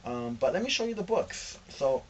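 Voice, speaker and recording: The audio is dull with a little hiss or hum as a young book vlogger speaks in a fairly high, sing-song voice at moderate pace. He casually tells how he found some books, with slangy asides and impressions of his friends.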